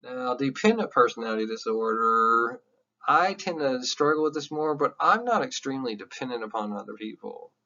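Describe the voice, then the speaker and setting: A man teaching a college psychology class, lecturing in an animated, candid way with jokey asides and some swearing. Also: medium pitch, moderate pace, lo-fi sound.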